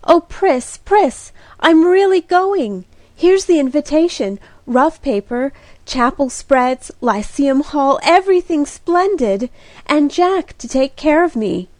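A woman's voice: on the high side, expressive, unhurried, a little mellow, no room sound. A woman voicing an eager, impulsive young woman in an audiobook reading, speaking in a breathless, gushing and emphatic way. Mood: excited.

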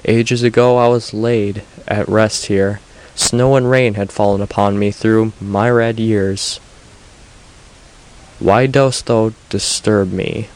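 A man reading a slow, moaning dead prophetess. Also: lowish voice, steady tone, darkish tone, a little hiss or hum, poor audio. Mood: mournful. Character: ancient dead female prophetess, mournful. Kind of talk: audiobook reading.

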